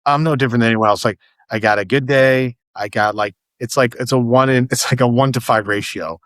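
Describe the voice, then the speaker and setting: A man's voice: medium pitch, steady tone, fairly quick, fairly bright tone, dry recording. A man in his fifties, a startup founder telling stories as a podcast guest, rambling and restarting his sentences often. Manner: rambling storyteller, many restarts and repeated words. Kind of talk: casual podcast conversation.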